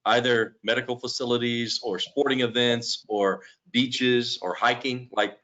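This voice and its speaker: A man presenting in a business webinar, explaining things in a steady, explanatory way. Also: medium pitch, a little slow. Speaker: lending company presenter. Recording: dull lo-fi webinar audio.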